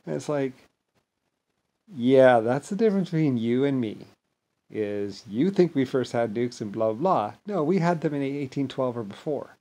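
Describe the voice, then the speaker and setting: Speaking expressively at a moderate pace, a male vlogger delivers a meandering, self-important monologue. His voice stays low and mumbly except for abrupt loud outbursts, and he ridicules others with blah-blah impressions.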